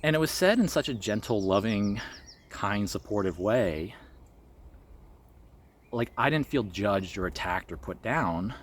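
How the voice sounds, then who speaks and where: A man's voice: on the low side, lively intonation, a little slow, long pauses, a little hiss or hum. A man vlogging about his spiritual experiences, telling a personal story in an earnest, reflective way with light laughs.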